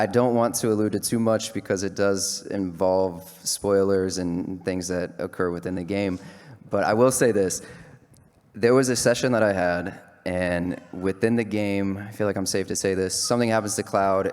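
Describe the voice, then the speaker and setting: A man, a voice actor on a live panel, telling an excited story that builds to punchlines. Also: low voice, normal speed, big-room sound. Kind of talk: casual storytelling.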